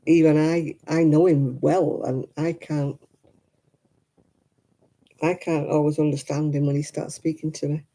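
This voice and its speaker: A woman's voice: low-pitched, flat delivery, a little slow, long pauses, mellow, poor audio. A middle-aged woman, hosting a casual craft livestream, chatty and candid with frequent laughs. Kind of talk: casual live chat while knitting.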